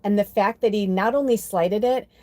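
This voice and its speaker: A woman hosting a spiritual live stream from home, speaking into a webcam mic. She talks in a loose, animated way, swearing freely and leaning on fillers. Her pitch sits in a middle range. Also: moderate pace. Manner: animated and profane, many fillers, quotes voices in mock tones. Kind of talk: casual live stream chat with tarot reading.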